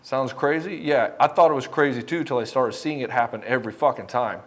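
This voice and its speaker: A man's voice: medium pitch, a little fast. A middle-aged man coaching divorced men, speaking bluntly and passionately with frequent swearing, sometimes acting out both sides of a conversation. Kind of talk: direct-to-camera motivational talk.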